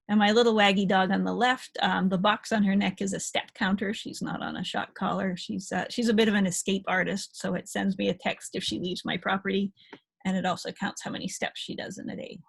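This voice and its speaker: A woman talks through slides in a recorded dog-behavior lecture, chatty and easygoing, now and then laughing a little. Her voice is husky and slightly gravelly, at a middling pitch. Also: steady tone, brisk. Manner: chatty, explains slide photos with small laughs.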